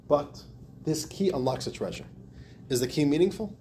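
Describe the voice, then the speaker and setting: A man's voice: on the high side, very animated, moderate pace, warm tone, a little hiss or hum. A man teaching a class as a rabbi, speaking expressively, acting out quotes and laughing often. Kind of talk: animated lecture.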